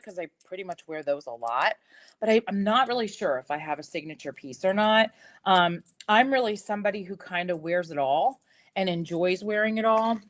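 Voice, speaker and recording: A woman's voice: mid-range voice, a bit bright, no echo. Middle-aged lady doing a live jewelry stream at her desk, chatty and upbeat, voice bounces up and down a lot. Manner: chatty and upbeat, talks to viewers in the comments. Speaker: jewelry seller hosting a livestream. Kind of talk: live shopping stream demo. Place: home desk.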